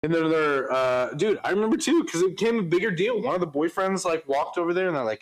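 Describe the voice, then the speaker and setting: A man's voice: fairly high pitch, expressive, fast, poor audio. An American man co-hosting a livestream, casually telling a rambling story with plenty of swearing and laughter. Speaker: livestream co-host. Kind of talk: casual chat.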